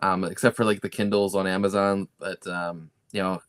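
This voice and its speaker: A man who is an author guest in a casual chat, relaxed and throwing in quick quips. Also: deep voice.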